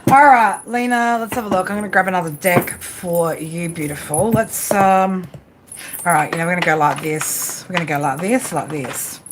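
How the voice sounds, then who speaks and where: A woman's voice: fairly low pitch, normal speed, noisy background. A woman doing live tarot readings, chatty and rambling, often restarting her sentences. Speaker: tarot reader.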